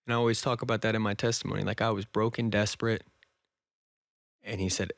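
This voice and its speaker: With vocal fry and a quick but often-paused delivery, a podcast guest in his twenties tells a personal story in a low, flat voice. He's earnest and emotional in the casual interview, laughing frequently and peppering in "dude" and "man". There's no echo.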